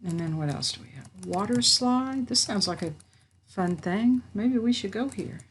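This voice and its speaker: A woman instructor walking through a software tutorial, reading out each step and checking her work as she goes. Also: medium pitch, expressive, normal speed, slightly rough. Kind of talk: screen-recorded software tutorial. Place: at a computer.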